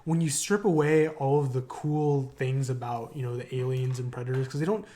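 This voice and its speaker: A man co-hosting a casual podcast, talking in quick bursts full of fillers and second thoughts. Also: mid-range voice, steady tone, dark tone, a little hiss or hum. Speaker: podcast co-host. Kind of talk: casual chat.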